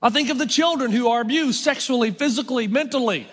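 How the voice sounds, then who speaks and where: A middle-aged male pastor delivers a sermon in a strikingly high voice. He keeps it conversational, poking fun at himself between points. The sound carries the long, ringing reverb of a church sanctuary. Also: fast, a bit bright, slightly rough. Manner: conversational, self-mocking humor.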